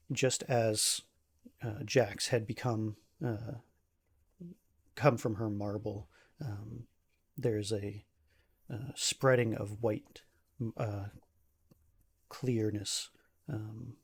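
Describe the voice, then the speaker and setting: Husky-voiced man running a tabletop game. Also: fairly low pitch. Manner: halting, with many fillers and restarts. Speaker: game master.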